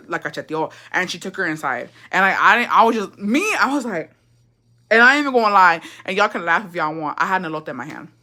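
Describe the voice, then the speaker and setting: A woman's voice: lowish voice, bright, forceful tone. A young woman hosting a livestream, telling a profane, gossipy family story with laughs and Spanish phrases mixed into her English. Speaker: livestream host. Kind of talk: casual storytime chat.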